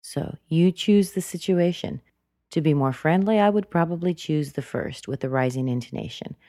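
A woman with a low, warm voice speaks at normal speed in a clean studio recording with no echo. She teaches English pronunciation in a slow, explanatory lesson, patiently repeating words to show how intonation rises and falls.

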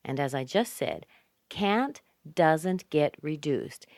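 A woman with a North American accent teaching English pronunciation, repeating example phrases slowly with exaggerated stress. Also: deep voice, expressive, a little mellow, dry recording, studio quality. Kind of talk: scripted pronunciation lesson.

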